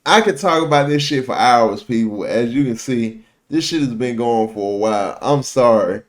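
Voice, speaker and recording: A man's voice: medium pitch, normal speed. A man hosting a reaction video, recapping an episode in casual, profane slang and acting out the characters' lines.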